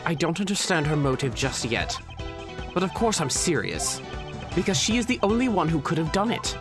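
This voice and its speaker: A man reading a stern, sharp-witted male prosecutor aloud during a game playthrough, with a formal, deliberate delivery. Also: on the high side, big pitch swings, music in the background. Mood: confident.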